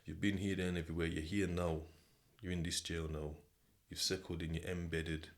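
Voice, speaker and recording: A British podcast host with a deep, level voice tells a story in the second person at a fairly quick pace. He keeps it casual, conversational, and full of slang, repeating "do you know what I mean".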